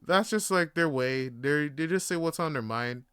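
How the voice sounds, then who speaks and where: A man's voice: on the high side, moderate pace, a bit bright, clean tone, dry recording, clean studio sound. A young man from Canada hosting a podcast, talking in a laid-back, rambling way full of fillers and swearing. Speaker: podcast host. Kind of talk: casual monologue.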